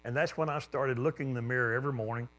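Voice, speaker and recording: A man preaches in a storytelling style, his voice sitting in a middle register. He swings from excited, climbing bursts to hushed, low passages as he relates his story. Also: very fast. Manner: animated storyteller, voice jumping up with excitement then dropping low. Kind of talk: storytelling sermon.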